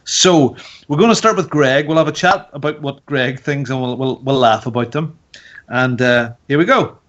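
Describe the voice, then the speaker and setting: Dull lo-fi audio captures this man hosting a podcast, joking, teasing and rambling through topics in casual chat. His voice is mid-range and a bit bright, and his pace is moderate.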